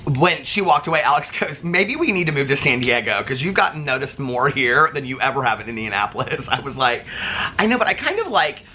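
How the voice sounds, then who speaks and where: A man vlogging from a hotel room, telling stories in a chatty, animated way with lots of fillers. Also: mid-range voice, brisk, a little hiss or hum. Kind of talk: casual chat to camera.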